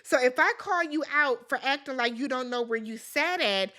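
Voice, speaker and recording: A woman hosting a casual recap vlog, talking in an animated, gossipy and emphatic way and swearing freely. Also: high voice, normal speed. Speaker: reality TV recap host.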